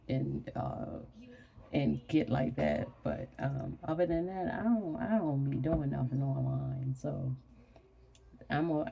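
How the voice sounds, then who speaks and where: A sleepy woman chatting casually to her camera, talking slowly and rambling. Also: extremely low pitch, gravelly, dark tone, breathy edge, muffled recording. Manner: slow, rambling, sleepy and yawning. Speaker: vlogger.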